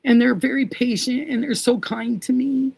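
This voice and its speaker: A woman's voice: on the high side, steady tone, normal speed, creaky, a little mellow, breathy edge, dry recording. A middle-aged woman hosting a casual livestream, chatting fondly with viewers and greeting them by name. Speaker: livestream host. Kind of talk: casual livestream chat reading comments.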